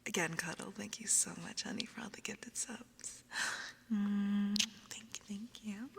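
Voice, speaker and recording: A woman's voice: mid-range voice, creaky, big-room sound, noisy background. Giggly whispering woman ASMR streamer. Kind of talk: soft whispered stream chat. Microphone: binaural microphone.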